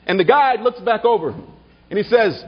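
Husky man giving a rousing political speech. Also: high-pitched, lively intonation, moderate pace, muffled recording. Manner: builds to rhetorical refrains, tells a humorous anecdote. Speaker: political speaker. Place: banquet hall at a party dinner.

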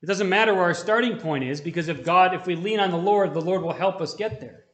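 A man's voice: high-pitched, fast talker, a bit bright, echoey room. A man leading a Bible study, talking conversationally and calling on his listeners for amens. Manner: conversational, asks the room for amens. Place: church hall.

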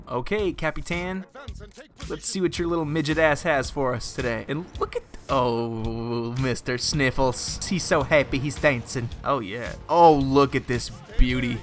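A young man giving excitable, exclaiming, self-mocking commentary while he plays a shooter game. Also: medium pitch. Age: young adult. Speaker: gaming video host. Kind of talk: live gameplay commentary.

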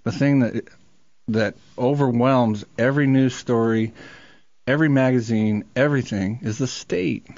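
Dude cohosting talk radio, opinionated, sounds kinda fed up, dry dull audio. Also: male voice, mid-range voice, measured pace, darkish tone, no room sound. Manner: frustrated, opinionated. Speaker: radio co-host. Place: radio studio.

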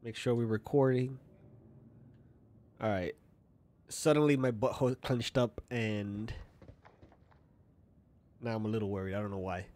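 A man's voice: on the low side, steady tone, measured pace, pauses often, a little mellow. A man casually commenting while playing a game in a small apartment at night, chatty and often stumbling as he reads text aloud. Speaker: gaming YouTuber. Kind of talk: casual let's-play commentary.

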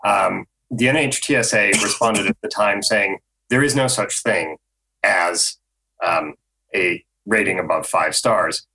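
Low bright-voiced man explaining carefully. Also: vocal fry, a little hiss or hum, poor audio. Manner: measured, explanatory, frequent ums. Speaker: automotive journalist panelist. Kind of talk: podcast panel discussion.

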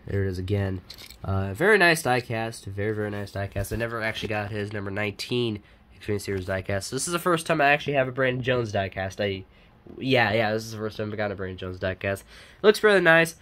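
A sniffly die-cast collector and YouTuber chats casually while unboxing die-cast cars, rambling with plenty of fillers and self-corrections. His voice is on the low side with a fairly bright tone.

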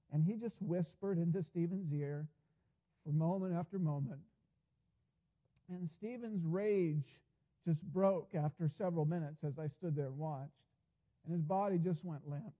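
A man's voice: a little high, a little slow, dark tone, lo-fi sound. A man pastor preaching a sermon in a church, telling a story in an earnest way, often starting with "and, uh". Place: church sanctuary.

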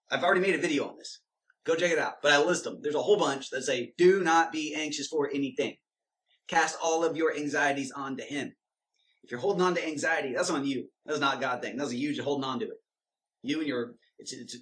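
A man's voice: mid-range voice, brisk, fairly bright tone. A man giving informal Bible teaching in an emphatic, direct way that turns into preaching. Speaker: Christian video teacher.

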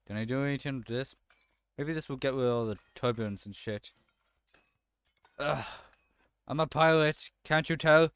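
Swearing man yelling over a game. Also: mid-range voice, moderate pace, pauses often, smooth, dry recording. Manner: swearing, frustrated outbursts at the game. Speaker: let's-play gamer. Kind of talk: let's-play commentary.

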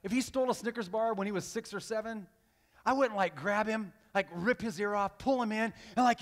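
Impassioned high-voiced man preaching in a hall. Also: brisk. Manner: animated, impassioned, acts out quoted voices. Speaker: guest pastor. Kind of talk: sermon. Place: church sanctuary. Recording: long hall reverb.

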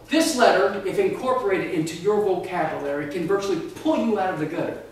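A high-pitched, lively man delivers a humorous speech with a theatrical, punchy alliterative style. He is recorded from across an echoey meeting room, with faint noise behind him. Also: a little fast, distant mic. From Texas. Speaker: speaker at a speaking workshop. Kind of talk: humorous contest speech and workshop talk.

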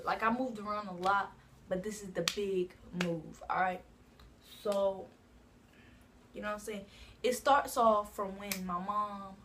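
A woman from New Jersey tells a casual storytime on her channel, drifting along and padding her sentences with loose asides. Her voice sits at an ordinary middle pitch. A faint hiss runs underneath. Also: a bit bright. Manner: rambling, many "like" and "you know what I'm saying" asides. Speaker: vlogger.

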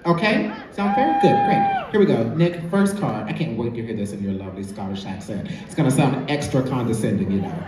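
Recorded from far back in the audience on a phone, this drag show host's voice echoes through a big theater over crowd noise. Mid-range in pitch, he swings wildly up and down, talking briskly with hardly any pauses as he sassily teases and laughs at an audience member on stage.

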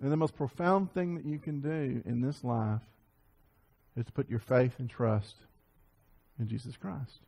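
Man, preacher, sermon, repeated restarts, emphatic loud peaks. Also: medium pitch, unhurried, creaky. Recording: sermon audio over slides.

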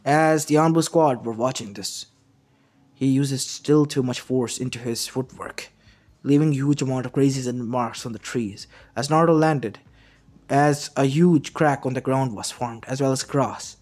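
Halting male fan-story narrator. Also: medium pitch, darkish tone. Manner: unpolished, halting, restarts often. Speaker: channel narrator. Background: faint lo-fi music.

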